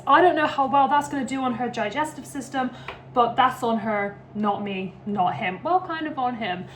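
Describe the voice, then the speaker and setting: Young woman book vlogger, slightly high voice, chatty and sarcastic, reading at home. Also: moderate pace, a bit bright, slight background noise. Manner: chatty, amused, sarcastic asides. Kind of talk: casual reading vlog. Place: home kitchen.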